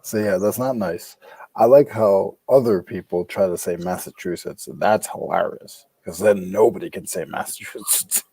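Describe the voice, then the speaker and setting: A man with a thick Rhode Island accent chats and jokes in a laid-back way. His voice is dark and a bit husky. The sound is dry and close. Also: sits low, normal speed, no room sound. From New England. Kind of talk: casual chat.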